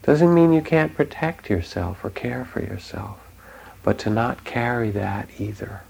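A man teaching meditation, giving a reflective dharma talk in a gentle storytelling manner with soft pauses. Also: mid-range voice, gravelly, slight background noise, rough recording.

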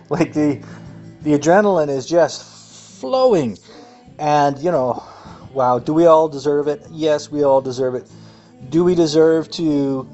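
An excitable man, rambling through an activist livestream in a slightly high voice. He piles on fillers and restarts. The sound is muffled, with faint music underneath. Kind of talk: excited casual monologue.

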